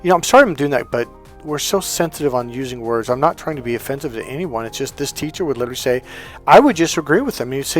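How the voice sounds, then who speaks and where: A man's voice: medium pitch, expressive, quick pace, soft background music. A man coaching viewers in a casual monologue, acting out quoted dialogue as he tells stories. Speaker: life coach.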